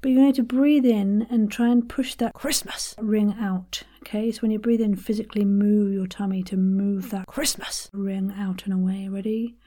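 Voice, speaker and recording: A woman hosting a podcast, leading playful vocal warm-ups in an encouraging, often whispered voice. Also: medium pitch, steady tone, moderate pace, few pauses. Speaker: podcast host and voice coach. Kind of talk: casual chat with vocal warm-up exercises.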